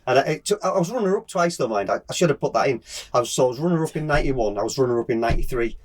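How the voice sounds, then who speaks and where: A man's voice: mid-range voice, expressive, rapid-fire. Middle-aged man, chatty storyteller, podcast guest, easygoing laughing manner. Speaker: guest racer. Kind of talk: casual interview chat.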